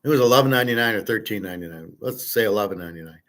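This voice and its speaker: Blunt, low-voiced man ranting casually. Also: expressive, rapid-fire. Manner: blunt, opinionated, swears casually; rambling with fillers, trails off quietly. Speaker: host. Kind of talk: casual monologue.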